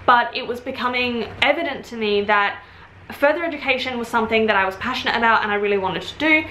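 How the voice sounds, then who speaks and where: A woman in her twenties from Australia, with an Australian accent softened by British influence, chatting casually to camera at home in a rambling way with quick asides. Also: a little high, reverberant, slight background noise. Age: 20s. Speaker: vlogger. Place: at home, indoors.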